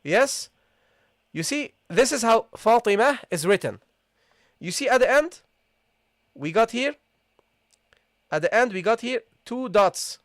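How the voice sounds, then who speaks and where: Patient teacher running a live online class, mid pitch, dry close sound, keeps asking okay? and guys. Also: lively intonation, a little slow, long pauses, dry recording. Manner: repeats key points and asks the class questions. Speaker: Arabic teacher. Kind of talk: live online language lesson.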